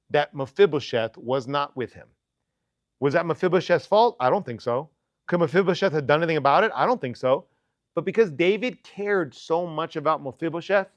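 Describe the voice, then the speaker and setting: A man preaching to teens in a loose, joking, conversational way, with a fairly high voice. The sound is close and dry, with no room echo. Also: a bit bright, muffled recording. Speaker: youth preacher. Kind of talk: sermon.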